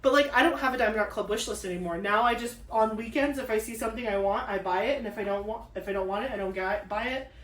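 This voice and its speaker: A young woman chatting casually while unboxing craft kits, gushing and excitable, with lots of fillers and gasps. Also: medium pitch, quick pace, few pauses. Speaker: crafting vlogger. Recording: echoey room, mic at a distance.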